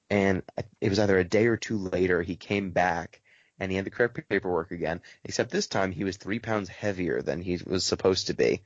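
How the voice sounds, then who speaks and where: A man hosting a casual podcast discussion, telling stories in an animated, quick way. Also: low voice, no echo, lo-fi sound. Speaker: podcast host.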